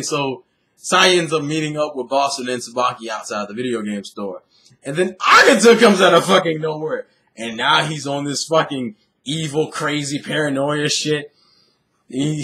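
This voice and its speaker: A man's voice: a little high, fairly bright tone. A young man casually recapping an anime episode, rambling, swearing freely and laughing often. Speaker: anime reviewer.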